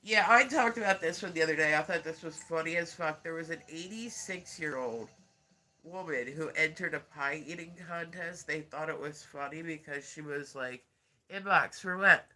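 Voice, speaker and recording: Congested, bright-voiced man livestreaming. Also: a little high, moderate pace. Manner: rambling, chatty, laughs often, swears freely. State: congested, stuffy nose. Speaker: livestream host. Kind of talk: casual livestream chat.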